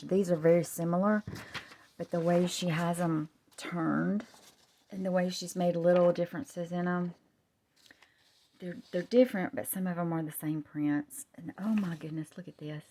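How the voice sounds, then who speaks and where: Low-voiced gushing woman, half-whispered. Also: slight background noise. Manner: gushing, often softly whispering. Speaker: craft vlogger. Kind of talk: show-and-tell craft vlog. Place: home, husband in another room. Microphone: camera held close up.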